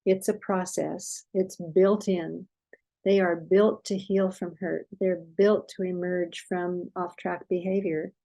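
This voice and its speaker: Gentle older woman, soft and mellow. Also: on the low side, little pitch movement, creaky, poor audio. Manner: gentle, soothing, unhurried with soft reassuring quotes. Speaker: parenting expert guest. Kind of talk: conversational explaining with a story.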